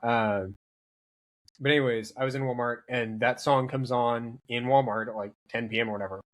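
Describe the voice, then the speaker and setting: A man's voice: mid-range voice, fairly even intonation, moderate pace. Man telling rambling stories. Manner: storytelling, rambling with restarts. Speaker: podcast guest. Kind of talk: casual chat.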